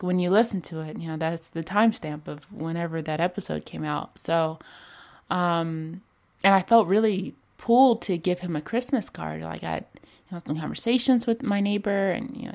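A woman with a lowish, creaky voice and a darkish tone hosts a podcast. Her casual spiritual monologue rambles along, full of fillers.

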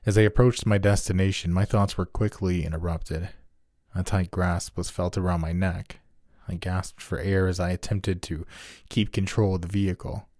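A man reading a first-person horror story aloud in a steady, measured way. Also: low-pitched, no room sound, clean studio sound.

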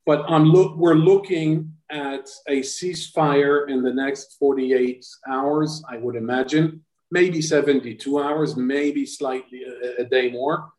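A man's voice: medium pitch, steady tone, slow, few pauses, darkish tone, roomy sound, low-quality recording. A man who is a former Israeli diplomat, giving analysis as a podcast guest in a conversational way with many restarts. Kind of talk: podcast interview answer. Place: Tel Aviv.

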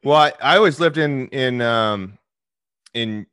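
A man's voice: mid-range voice, a little slow, a bit bright, clear, resonant tone, no room sound, studio quality. A man chatting casually as a podcast guest, rambling with lots of restarts and fillers. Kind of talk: casual chat.

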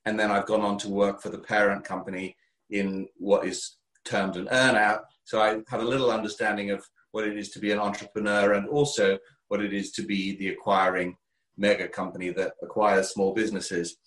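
A middle-aged man with an English accent from Kent tells his story in a clear, articulate way. His voice sits fairly low. The audio has a noticeable roomy echo. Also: flat delivery, brisk, a bit bright. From England. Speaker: podcast guest, entrepreneur. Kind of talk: conversational interview.

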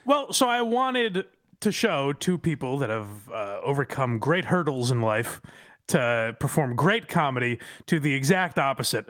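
A man's voice: medium pitch, sing-song, normal speed, fairly bright tone, dry recording, clean studio sound. A man co-hosting a comedy podcast, giving blunt, profane commentary in casual chat. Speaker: podcast co-host.

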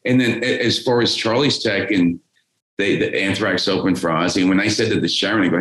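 A man's voice: sits low, brisk, fairly bright tone. A man, telling a rambling, profane story as a podcast guest. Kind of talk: casual storytelling. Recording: roomy echo.

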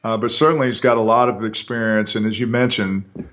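A man's voice: on the low side, fairly even intonation, fairly quick, a bit bright. Easygoing man on a dull, lo-fi recording. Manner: easygoing, thinks aloud while talking. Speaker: sports talk co-host. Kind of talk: casual sports talk. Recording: dull lo-fi sound.

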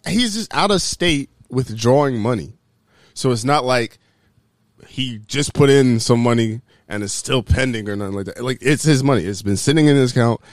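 A man talking in casual chat, animated and swearing freely, acting out quotes with sudden jumps in pitch. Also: dry recording, studio quality.

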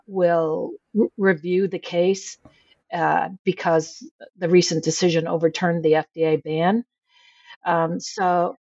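A woman co-author answering in an interview, explaining things deliberately with fillers. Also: lowish voice, darkish tone, no echo, dull audio. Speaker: book co-author.

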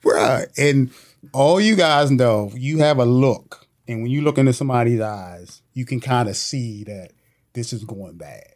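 Man telling a police story, animated. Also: mid-range voice, normal speed. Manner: animated retelling with slang and quoted voices. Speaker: police officer guest. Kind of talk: casual storytelling interview. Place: podcast studio.

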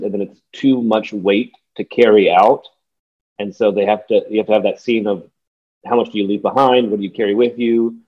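A man's voice: on the low side, lo-fi sound. A man in a casual movie discussion on a podcast, rambling and filling his talk with "like" while laughing often. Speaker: podcast co-host.

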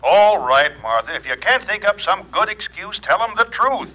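Brisk, defensive husband with a cold, old radio ad, high bright voice. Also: male voice, big pitch swings, exaggerated voice, rough recording. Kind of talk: 1940s radio ad acting. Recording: old radio broadcast recording.

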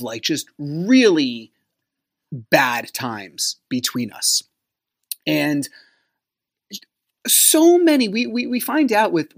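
A man hosting a podcast, telling a personal story in a rambling way, full of "like", sometimes dropping to a low murmur. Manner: rambling, frequent filler "like". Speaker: podcast host.

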